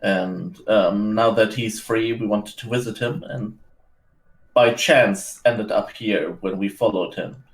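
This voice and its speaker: Slow low-voiced guy playing in character, keeps stopping and restarting, echoey room. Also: fairly even intonation. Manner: hesitant, many fillers and restarts. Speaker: player. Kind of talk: in-character tabletop role-play. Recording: roomy echo.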